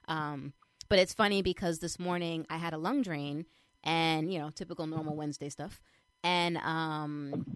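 A young adult woman chatting casually as she shares a personal update, retelling things in an animated way with lots of fillers. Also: on the low side, no echo. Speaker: vlogger sharing a personal update. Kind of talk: casual chat.

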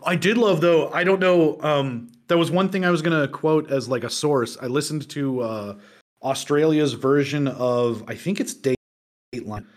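A man co-hosting a casual podcast chat, animated and quick to laugh, trying out jokey mock accents. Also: on the high side. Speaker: podcast co-host.

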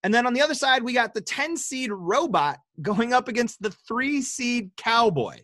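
A man's voice: very high voice, lively intonation, moderate pace, pushed and bright, no room sound, clean studio sound. A young man from the American Midwest, co-hosting a podcast in casual, teasing banter full of swearing. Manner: joking, profane, teasing. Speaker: podcast co-host.

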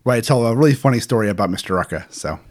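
A man's voice: mid-range voice, expressive, rapid-fire, darkish tone. A man co-hosting a podcast, chatting casually with playful, joking banter. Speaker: podcast co-host.

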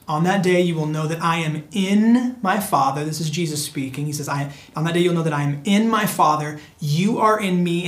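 Preacher at mid pitch, earnest and repetitive, with hushed asides, in a roomy space. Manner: earnest, repetitive, often addresses listeners as friends. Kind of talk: sermon. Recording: echoey room.

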